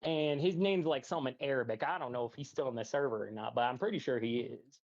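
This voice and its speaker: A male caller on a voice call to a stream, talking in a rushed, calming way with many fillers. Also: mid-range voice. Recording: dull lo-fi call audio.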